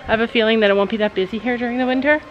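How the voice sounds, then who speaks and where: Mom vlogging at the horse barn, kinda high voice, chatty and rambly, faint outdoor hiss. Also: female voice, steady tone, very fast, highs cut off. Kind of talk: casual family vlog at a horse barn.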